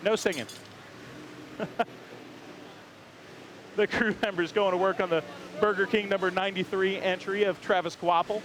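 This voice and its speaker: High-voiced chatty male tour host. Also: level tone, normal speed, long pauses. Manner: chatty, upbeat, joking with crew. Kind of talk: walking garage tour commentary. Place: outdoor race track garage. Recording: faint outdoor background noise.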